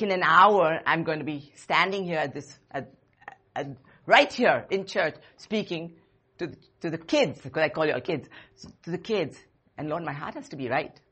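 Husky low-voiced woman preaching earnestly. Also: fairly bright tone. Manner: earnest, repetitive, emphatic, conversational preaching. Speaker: church speaker. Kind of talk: sermon to a young congregation. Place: church.

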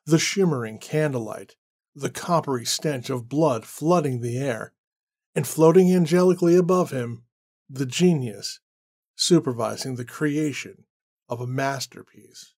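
A man narrating a horror story in a measured, dramatic way. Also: mid-range voice, a little mellow.

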